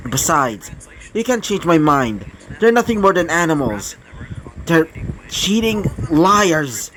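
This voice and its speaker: A man voicing a haughty, prejudiced teenage heiress in a storybook reading. He speaks her lines slowly and dismissively. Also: on the high side, big pitch swings, a bit bright, a little hiss or hum, exaggerated voice, low-quality recording.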